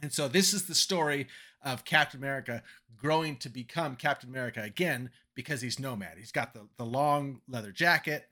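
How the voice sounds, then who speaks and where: A man co-hosting a casual chat show, rambling through his pitch with self-deprecating laughs. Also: fairly quick, pushed and bright. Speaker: podcast co-host.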